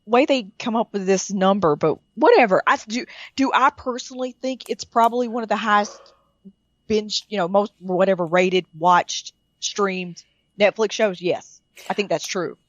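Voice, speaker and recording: A woman co-hosting a casual podcast while sick, her voice deeper than usual, rambling and often restarting her sentences. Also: moderate pace, no room sound, muffled recording. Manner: rambling, self-interrupting, laughing. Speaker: podcast co-host. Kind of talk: casual chat.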